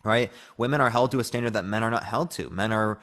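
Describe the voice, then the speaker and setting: A man's voice: lowish voice, quick pace, a bit bright. A man in a casual debate, probing and pressing his argument.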